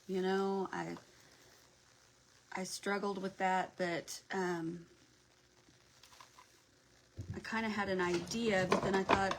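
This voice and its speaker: A woman's voice: mid-range voice, flat delivery, takes it slowly, long pauses, background noise. A woman hosting a casual craft livestream, chatting and greeting viewers by name as she works, sometimes dropping to a near whisper.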